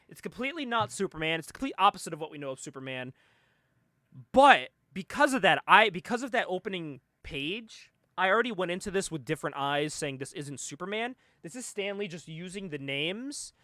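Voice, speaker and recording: Animated high-voiced man. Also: dry recording, studio quality. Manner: animated, laughs often, acts out characters in quick voices. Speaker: podcast co-host. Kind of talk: casual comic book podcast chat.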